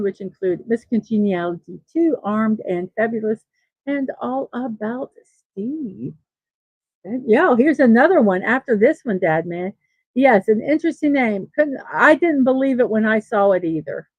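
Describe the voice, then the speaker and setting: A woman's voice: fairly high pitch, no echo, muffled recording. A woman hosting a daily morning show, chatting casually and reading off birthday lists with self-deprecating asides. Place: East Coast of the United States.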